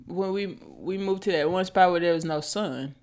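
A candid podcast co-host speaking at a middling pitch. The talk is loose and conversational, full of stories and easy swearing. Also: moderate pace, a little mellow. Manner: candid, profane, storytelling. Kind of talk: casual chat.

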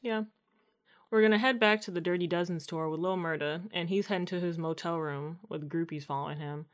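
A woman in casual chat, co-hosting a TV show recap and acting out quotes in a slangy, animated way. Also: on the low side, a little fast. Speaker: podcast co-host recapping a TV show.

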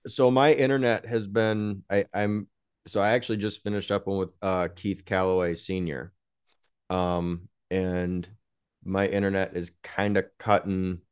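A man's voice: low voice, smooth, no room sound. A man hosting a podcast, chatting casually and laughing often with his guest. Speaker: podcast host. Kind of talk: casual interview chat.

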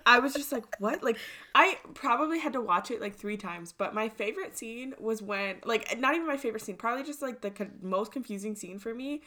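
A woman's voice: on the high side, animated, fairly quick, pushed and bright. A woman co-hosting, chatting casually and agreeing along, describing a confusing scene. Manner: agreeable, chimes in with short replies. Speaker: podcast co-host. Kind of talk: casual chat.

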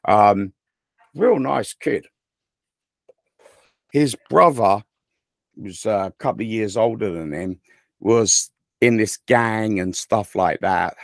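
A middle-aged English man, deep-voiced, chatting casually and telling stories. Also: gravelly, no echo, studio quality. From England. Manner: deep-voiced, mumbles words quickly. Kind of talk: casual storytelling chat.

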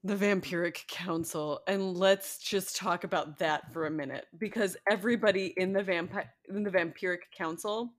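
A woman co-hosting a casual podcast, talking in an animated, playful and emphatic way. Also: lowish voice, moderate pace, few pauses. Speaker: podcast co-host. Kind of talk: casual chat.

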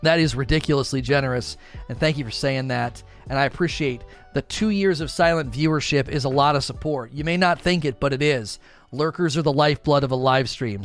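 A man in his thirties casually hosting a live stream Q and A, reading viewer messages aloud and joking about himself. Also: medium pitch. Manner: chatty, self-deprecating, reads chat aloud.

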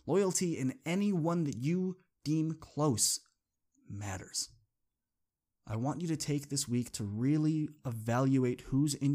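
The host of a motivational podcast, a man with a warm, medium-pitched voice, relates a personal story. He keeps it earnest and conversational, often repeating phrases for emphasis.

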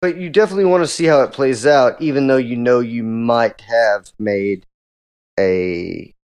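A man's voice: mid-range voice, moderate pace, darkish tone, smooth. A man co-hosting a podcast, retelling a creepy story in casual chat, laughing often and filling gaps with "so". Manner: laughs often, rambling with many "so" fillers. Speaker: podcast co-host. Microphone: studio microphone.

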